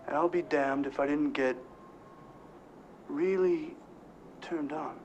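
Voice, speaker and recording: An actor playing an arrogant, rude office manager with an odd, half-British put-on accent and a theatrical, affected delivery. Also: male voice, fairly high pitch, fairly even intonation, slow, a little mellow, dull audio, slight background noise. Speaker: film character.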